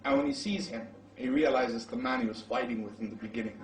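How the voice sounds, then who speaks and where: A man preaching, telling a story dramatically and rising to shouts at the climax. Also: mid-range voice, quick pace, slight background noise. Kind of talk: storytelling sermon. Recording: roomy hall, mic far off.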